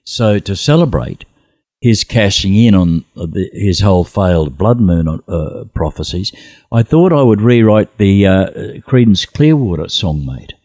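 A man's voice: sits low, expressive, measured pace, a little mellow, no echo, clean studio sound. A man co-hosting a casual Bible study, trading playful, joking banter.

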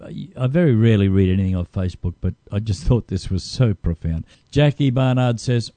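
A man's voice: on the low side, fairly quick, warm tone, dry recording. A man co-hosting a talk show, speaking earnestly and conversationally and reading aloud to his partner. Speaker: co-host.

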